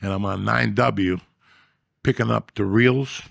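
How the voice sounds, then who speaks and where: A man with a low, gravelly voice tells crude, profane stories in a loose, chatty way, slipping into the voices of the people he quotes. The sound is close and dry. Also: fairly even intonation, a little slow, no room sound. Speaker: storyteller guest. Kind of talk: casual storytelling chat.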